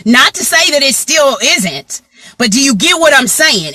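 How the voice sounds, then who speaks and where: A woman with a bright, fairly high voice, telling a story to her viewers in an animated, slangy way. She talks straight to the camera, and the sound is close and dry. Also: unhurried, no room sound. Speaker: vlogger.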